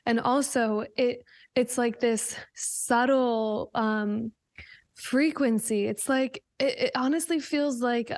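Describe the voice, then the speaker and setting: A woman's voice: fairly high pitch, slow pace, darkish tone, no room sound, clean studio sound. A woman hosting a podcast, talking earnestly about spiritual growth and sometimes swearing casually. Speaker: podcast host. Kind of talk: casual conversation.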